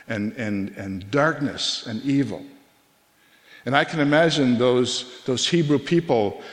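A middle-aged man preaching a sermon as a pastor, earnest and conversational, with pauses and restarts. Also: medium pitch. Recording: long reverb of a hall.

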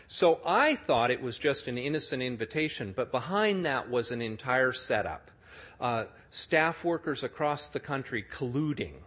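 Male preacher, middle-aged, storytelling sermon; expressive pitch, slightly breathy voice. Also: normal speed. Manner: animated storyteller, acts out the people he describes. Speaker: speaker telling a story to an audience.

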